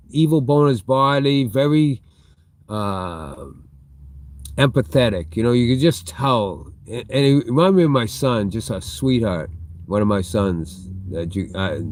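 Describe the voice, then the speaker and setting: A man's voice: medium pitch, a little mellow, slight background noise. Middle-aged man rambling through a live-stream story. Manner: chatty, reads and answers viewer chat mid-story. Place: inside a big retail store.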